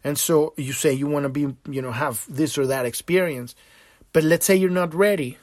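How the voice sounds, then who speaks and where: A man hosts his podcast in a loose, animated spiritual monologue, swearing freely and acting out quoted voices. His voice sits somewhat high for a man. The recording is dry and close, with no room sound. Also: moderate pace, no room sound. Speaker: podcast host.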